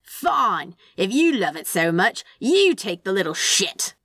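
A woman reading aloud and voicing a dramatic, paranoid male demon who yells indignantly. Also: medium pitch, big pitch swings, slow, no room sound, clean studio sound, heavily acted. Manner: theatrical, indignant yelling.

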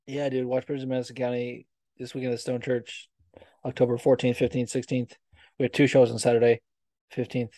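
A man's voice: medium pitch, little pitch movement, fairly quick, dark tone, no room sound, clean studio sound. A man co-hosting a casual podcast, joking, laughing often and swearing freely. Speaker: podcast co-host; stage manager. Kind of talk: casual chat.

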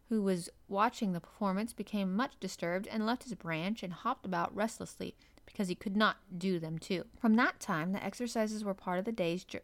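A woman narrating a classic children's novel in an even, measured manner. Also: on the low side. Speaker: audiobook narrator. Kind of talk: storybook narration.

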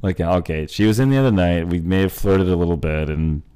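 A man's voice: low voice, fast talker, dark tone, clear, resonant tone. A man co-hosting a podcast, chatting casually, blunt and profane, spinning jokey hypothetical stories. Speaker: podcast co-host. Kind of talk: casual chat.

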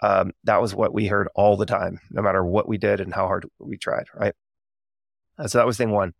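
Gravelly-voiced man telling a candid story. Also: fairly low pitch, steady tone, normal speed, no room sound. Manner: candid, reflective, many fillers. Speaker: podcast host. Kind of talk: casual storytelling monologue.

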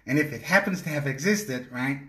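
A man's voice: medium pitch, animated, fairly quick, fairly bright tone. A man co-hosting a podcast, explaining in casual talk with frequent fillers and restarts. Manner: hesitant, many fillers and restarts. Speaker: podcast co-host.

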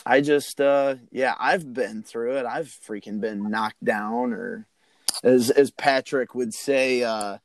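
Man, podcast host, gravelly voice, dry close sound, earnest and rambling. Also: mid-range voice, takes it slowly, dry recording. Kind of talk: casual chat.

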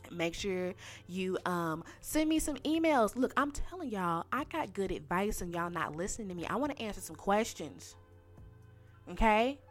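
A woman hosting a podcast, ranting casually and talking straight to her listeners in animated, slangy speech. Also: mid-range voice, normal speed, faint music behind. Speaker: podcast host.

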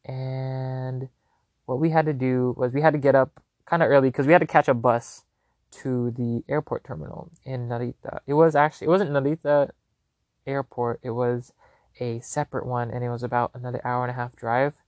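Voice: mid-range voice, fairly even intonation, moderate pace, a little mellow, no room sound, studio quality. A vlogger telling a travel story in casual, rambling chat, full of "like" and loose swearing, often correcting themselves mid-sentence. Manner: chatty, filler-heavy with constant "like", casual swearing. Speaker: vlogger recounting a trip.

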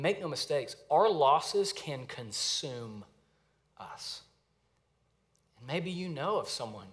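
A man with a slightly higher voice preaches a sermon. He is earnest and dynamic, stretching key words slowly and sinking to a hush for emphasis. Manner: earnest, varies pace and volume for emphasis, repeats phrases. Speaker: pastor.

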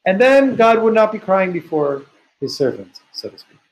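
A man's voice: sits high, sing-song, normal speed, vocal fry, a little hiss or hum, poor audio. Earnest man teaching a text. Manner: reads Hebrew aloud then explains it; earnest, searching, with restarts. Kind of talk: text study lesson.

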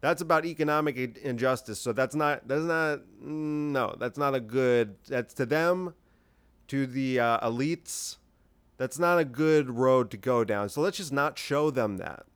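A man talking on his own podcast in a loose, rambling way, sarcastic and incredulous. His voice is smooth and clear at a middle pitch. It is recorded close up with a dry sound. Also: unhurried, no echo. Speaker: podcast host. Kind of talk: solo political commentary podcast.

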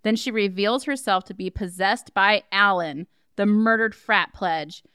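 A woman's voice: medium pitch, a little slow, bright, forceful tone, clear, resonant tone, no echo, clean studio sound. A woman co-hosting a podcast, recapping a movie's plot in a casual chat, with laughing, sarcastic asides. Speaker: podcast co-host.

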